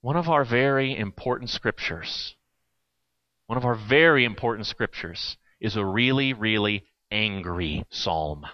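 A man preaching a sermon in a conversational way, swinging between loud bursts and hushed, quiet lines. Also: on the low side, expressive, unhurried, no echo, dull audio.

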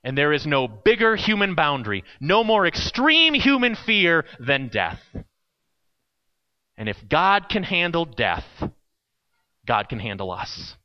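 A man's voice: a little high, huge pitch swings, unhurried, highs cut off. A man preaching an earnest sermon and telling a personal story with drama. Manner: earnest, dramatic storytelling, acts out the people in his stories. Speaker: pastor.

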